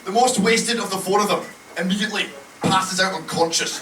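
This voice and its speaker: A man's voice: high voice, steady tone, brisk. Brash Scottish man doing stand-up. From Scotland. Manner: brash, profane storytelling with acted-out voices. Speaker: stand-up comedian. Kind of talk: stand-up comedy set. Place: comedy club stage with audience laughter. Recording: echoey club room, distant mic, loud background noise.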